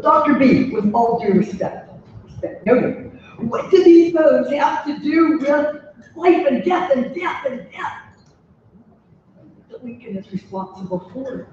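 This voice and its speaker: A man's voice: sits high, darkish tone, slight background noise. A man giving a conference lecture, reciting poetry dramatically with rising emphasis. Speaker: conference speaker. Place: large lecture hall. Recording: echoey hall, distant mic, dull sound.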